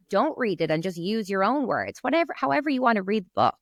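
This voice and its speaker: A woman's voice: mid-range voice, big pitch swings, fast talker, few pauses, dry recording, clean studio sound. A young adult woman, a speech therapist guest on a podcast, explaining in a chatty, reassuring way with lots of "you know" fillers.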